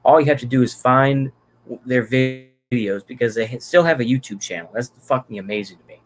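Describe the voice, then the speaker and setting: A man's voice: mid-range voice, fairly quick. A man from Texas giving unscripted solo political commentary, rambling and profane, with many fillers and restarts.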